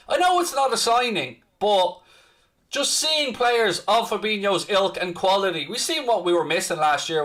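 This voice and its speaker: Upbeat high-voiced man chatting. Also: fairly bright tone. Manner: chatty, upbeat, reads out viewer comments. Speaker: fan channel host. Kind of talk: live-stream fan chat.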